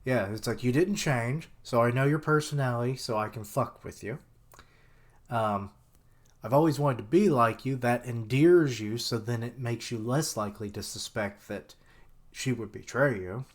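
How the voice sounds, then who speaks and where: A man's voice: mid-range voice, normal speed. A man giving casual live reaction commentary on an anime, swearing freely and thinking aloud.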